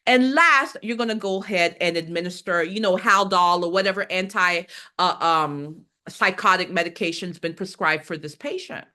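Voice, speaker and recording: A woman nursing instructor leading a live exam-review lesson, lively and emphatic, asking questions and answering them herself. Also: on the low side, normal speed, few pauses. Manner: lively, asks and answers her own questions.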